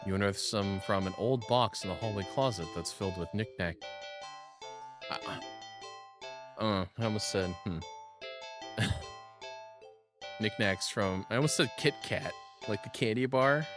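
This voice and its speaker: A man's voice: on the low side, a little slow, long pauses, over music. A man playing a text game, reading its narration aloud and breaking off into giggly, self-deprecating asides. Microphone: studio shotgun mic on a boom arm.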